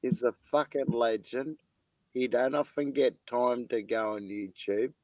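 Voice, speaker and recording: A man's voice: mid-range voice, steady tone, measured pace, darkish tone, no room sound, dull audio. A man on a live stream, bantering and teasing his mates. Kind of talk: casual live stream chat.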